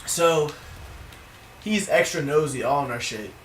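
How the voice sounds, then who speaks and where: A young man telling a casual, profane story in an animated storytime vlog, recorded indoors. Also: a little high, measured pace, slight background noise. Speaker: vlogger. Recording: roomy, distant from the mic.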